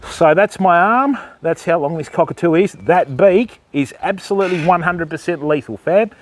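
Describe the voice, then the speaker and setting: Australian man chatting casually on a vlog. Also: slight background noise. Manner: chatty, cooing at animals in a high voice. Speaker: wildlife vlogger. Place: outdoor wildlife park.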